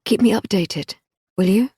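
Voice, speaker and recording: Firm, commanding woman detective, voiced by the narrator; husky, dry audiobook read. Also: mid-range voice, measured pace, warm tone, no room sound, pitched above the performer's own voice. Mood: concerned.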